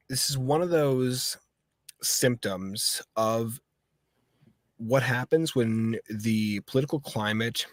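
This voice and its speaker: A man's voice: medium pitch, a bit bright, dry recording, clean studio sound. A man hosting a casual political livestream chat, talking in a rambling, heated way with many restarts. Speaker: host.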